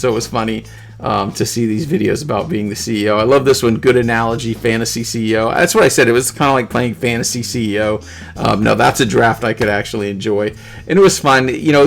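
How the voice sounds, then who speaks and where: A man's voice: medium pitch, vocal fry. A middle-aged man hosting his channel, casually talking through viewer comments in a rambling, good-humored way. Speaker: YouTube channel host. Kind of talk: casual talk to camera, reading viewer comments.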